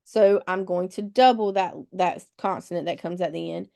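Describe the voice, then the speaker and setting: Lady tutor walking through spelling rules on a webinar, smooth clear voice, patient and step by step. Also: fairly low pitch, fairly even intonation, normal speed, mellow. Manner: patient, explains step by step, spells words out letter by letter. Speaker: test-prep instructor. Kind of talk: live webinar teaching.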